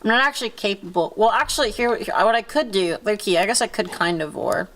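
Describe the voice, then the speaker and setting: A woman's voice: medium pitch, fast talker, fairly bright tone. A woman streamer with a cold, sounding stuffy and congested, chatting in a rambling, playful way and swearing freely. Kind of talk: casual chat.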